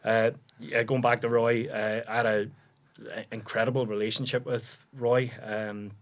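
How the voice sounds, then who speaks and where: A man in his forties from Northern Ireland, with a Northern Irish accent, is a podcast guest telling relaxed stories in casual conversation. His voice is on the low side at a normal speed, and he often restarts sentences around filler words.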